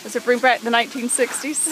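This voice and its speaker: A woman's voice: fairly high pitch, brisk, heavy background noise. A mother filming her small son in an outdoor garden, coaxing and teasing him in a playful way. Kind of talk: casual home video chat. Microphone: handheld camera mic.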